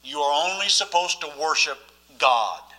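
A man's voice: a little high, very animated, normal speed, bright, forceful tone, low-quality recording. A man preaching a sermon as pastor, emphatic and often asking the listeners questions.

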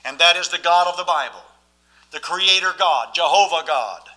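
A man's voice: fairly high pitch, animated, moderate pace, bright, forceful tone, low-quality recording. A man preaching a sermon as pastor, emphatic and often asking the listeners questions.

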